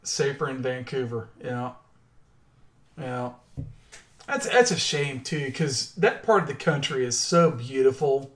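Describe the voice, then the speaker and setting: A middle-aged man with a Southern Oklahoma accent, chatting casually with his live-stream viewers, laid-back with many ums. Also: medium pitch. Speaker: crypto stream host.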